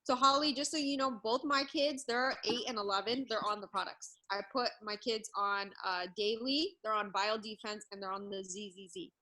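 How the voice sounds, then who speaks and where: Bright-voiced upbeat woman presenter. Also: medium pitch, moderate pace, hardly any pauses, low-quality recording. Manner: upbeat, laughs between words. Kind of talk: product presentation.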